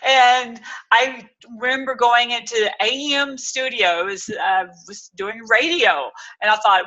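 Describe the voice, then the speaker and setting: A bubbly woman hosts a talk show, gushing and exclaiming loudly. Her voice is bright and forceful and sits fairly high. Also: normal speed, hardly any pauses, dull audio. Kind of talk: enthusiastic show hosting.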